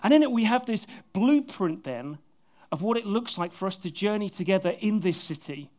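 A male pastor preaching an earnest sermon to his congregation, often dropping to soft, intimate tones, with a touch of self-deprecating humor. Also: high voice, lively intonation, normal speed. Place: church service with a congregation.

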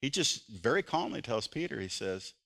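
A man preaching a sermon as pastor, moving between loud, impassioned emphasis and quiet, earnest intensity. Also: medium pitch, big pitch swings, normal speed, creaky.

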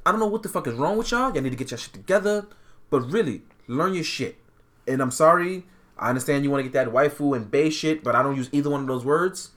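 A young man talks fast and a little high as he tells a story on a casual podcast. His rant is animated and full of swearing, and he hardly stops for breath. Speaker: podcast co-host.

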